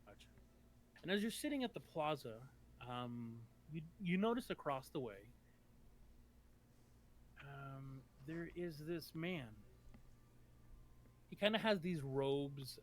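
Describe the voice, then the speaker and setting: A man's voice: a little high, animated, takes it slowly, long pauses, a little hiss or hum. A man narrating as game master for a tabletop game, rambling with many ums and restarts.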